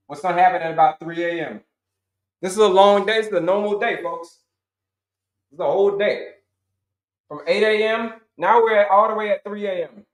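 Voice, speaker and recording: Male health coach, middle-aged, lively and repetitive on a live stream, higher-pitched voice, roomy echo. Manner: animated, repetitive, addresses viewers as folks and y'all. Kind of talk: live-stream teaching talk. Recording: roomy echoey sound.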